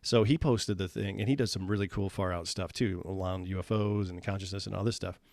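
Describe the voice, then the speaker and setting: A man's voice: sits low, steady tone, brisk, a little mellow, no room sound. A man talking in a rambling casual chat as a podcast guest, full of fillers and restarts. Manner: rambling, filler-heavy storytelling.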